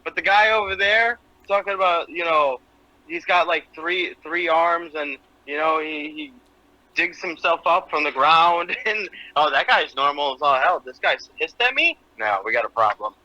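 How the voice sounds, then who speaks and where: A man's voice: a little high, animated, moderate pace, sharp tone, no echo, muffled recording. A man in his twenties, co-hosting a podcast over a video call, joking crudely. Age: 20s. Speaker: podcast co-host. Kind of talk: casual chat.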